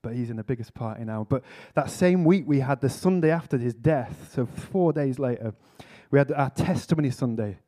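Warm-voiced man preaching. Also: mid-range voice, normal speed, hardly any pauses. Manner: earnest with self-mocking humour. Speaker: speaker at a church conference. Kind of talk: storytelling sermon talk. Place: conference hall talk.

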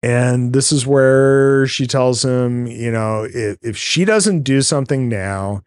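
A man's voice: mid-range voice, slow pace, darkish tone, clean tone, no echo, clean studio sound. A man hosting a podcast, rambling through a casual film recap with many fillers and the odd swear word. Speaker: podcast host.

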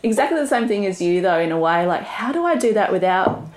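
A woman's voice: medium pitch, sing-song, fast, darkish tone. A woman, casually sharing a memory in conversation. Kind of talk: casual chat.

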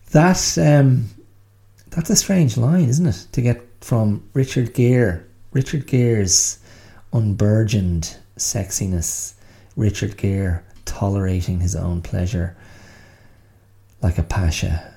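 A male podcast host talking alone in a wry, self-mocking way. His voice is low and gravelly with a dark, mellow tone, and he speaks at an unhurried, slow pace. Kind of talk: solo podcast monologue.

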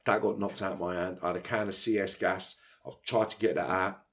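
A man's voice: sits low, fairly even intonation, fairly quick, a bit bright, slightly rough. A middle-aged man with a London accent, telling blunt streetwise stories as an interview guest. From England. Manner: blunt streetwise storytelling, swearing, acts out voices in quotes. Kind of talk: storytelling in an interview.

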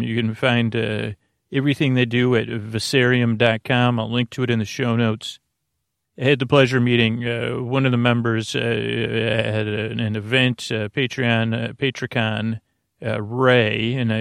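Male sleep-podcast host, goofy and meandering, gravelly, dry close mic. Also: mid-range voice, no room sound. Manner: goofy, meandering, full of self-corrections. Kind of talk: rambling sleep podcast monologue.

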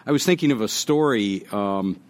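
Man, panel speaker, conference talk, animated, joking storyteller, lively swinging pitch. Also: moderate pace.

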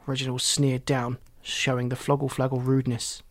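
A man narrating a children's storybook in an even, unhurried way. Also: medium pitch.

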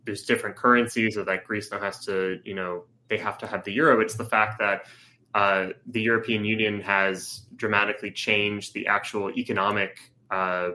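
Halting man with a bright voice. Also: lowish voice, flat delivery. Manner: halting, many fillers and restarts. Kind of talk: casual political discussion.

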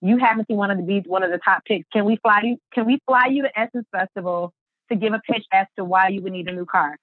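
Woman, mid-pitch, lively storyteller who voices every quote; dry, phone-narrow recording. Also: fast, no echo. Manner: lively, acts out quotes with big pitch jumps, many fillers. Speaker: artist and business founder, interview guest. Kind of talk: animated storytelling in an interview.

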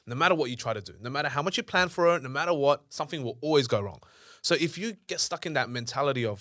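A man's voice: mid-range voice, expressive, quick pace, fairly bright tone, dry recording, clean studio sound. A young Australian man, an entrepreneur guest on a podcast, telling stories bluntly and emphatically with a lot of swearing. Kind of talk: candid storytelling in conversation.

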